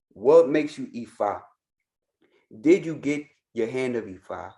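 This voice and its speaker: A man's voice: medium pitch, lively intonation, unhurried, mellow. A man, an Ifa priest, giving insistent reaction commentary and hammering his points home by repeating them.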